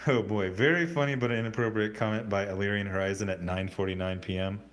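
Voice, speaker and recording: A man hosting a casual livestream, reading out chat comments in a rambling, halting way with many fillers and restarts. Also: fairly low pitch, fairly even intonation, slight background noise.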